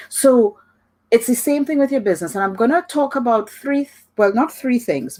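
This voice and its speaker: A woman and digital marketing consultant giving a motivational talk to camera, chatty and animated, often checking in with the listener. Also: mid-range voice, low-quality recording. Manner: chatty, keeps checking in with "all right?" and "right?".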